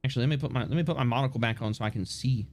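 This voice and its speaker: A man's voice: mid-range voice, racing. A man streaming a game live, chatting casually with viewers in a rambling, playful way, swearing and laughing often. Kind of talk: casual live-stream chat while gaming.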